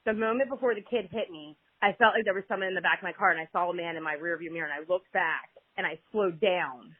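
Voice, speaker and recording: A woman calling in to tell a personal story, animated and acting out quoted exchanges as she talks. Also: fairly low pitch, quick pace, husky, no room sound. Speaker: caller. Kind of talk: personal story over the phone. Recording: tinny phone line, dry.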